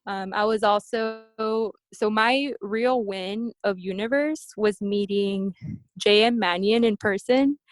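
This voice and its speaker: A woman telling stories from her competition days in a casual interview, acting out quoted voices with animated high-pitched bursts. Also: takes it slowly, dry recording. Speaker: interview guest, bikini competitor. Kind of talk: casual storytelling.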